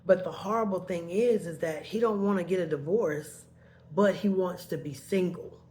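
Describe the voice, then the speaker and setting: A woman's voice: lowish voice, normal speed, dark tone. A woman telling a painful personal story in a rambling way, heated at first and then subdued, sometimes tearful.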